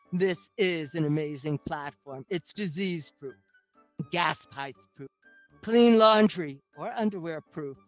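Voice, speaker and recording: A woman's voice: medium pitch, low-quality recording. A middle-aged woman performing a teasing, sardonic stand-up comedy set as host. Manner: sardonic, teasing, mock-sweet asides.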